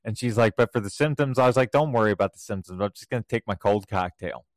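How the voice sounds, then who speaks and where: A man co-hosting a podcast, telling anecdotes casually and getting animated when he acts out what others said. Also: lowish voice, quick pace, a little hiss or hum. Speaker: podcast co-host.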